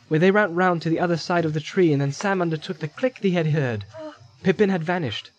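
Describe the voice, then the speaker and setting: A man giving dramatic fantasy audiobook narration in a measured, vivid storytelling manner. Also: high voice, low-quality recording. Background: music score.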